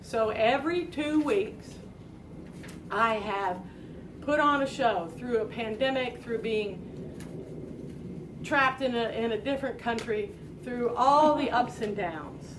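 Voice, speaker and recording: Woman, late 50s, talk show host; chatty and self-deprecating, high-pitched, recorded with a distant mic. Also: expressive, takes it slowly, pauses often, background noise. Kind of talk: casual chat to a live audience. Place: live talk show with a small audience.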